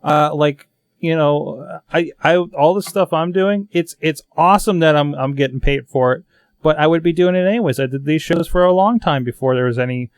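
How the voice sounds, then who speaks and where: Male podcast host, smooth clear voice, dry close sound, rambles and restarts. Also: on the high side, normal speed, no echo. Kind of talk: casual tech podcast chat. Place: basement studio.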